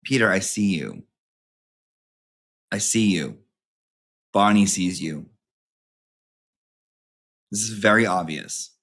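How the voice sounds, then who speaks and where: A man's voice: low voice, expressive, slow, pauses often, fairly bright tone. A man hosting his channel, chatting casually and campily to his viewers, reading out their emails with sassy asides and plenty of swearing. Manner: campy, sassy, swears freely, lots of asides. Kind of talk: casual chat to a live audience.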